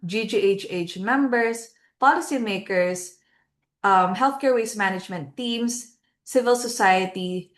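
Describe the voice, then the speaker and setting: A woman giving earnest closing remarks as host of an online webinar over a video call, with frequent filler pauses. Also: medium pitch.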